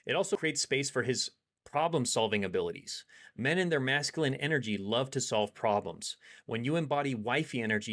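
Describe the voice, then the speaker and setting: A man giving dating advice in a calm, steady, coaching monologue. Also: mid-range voice. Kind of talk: instructional monologue.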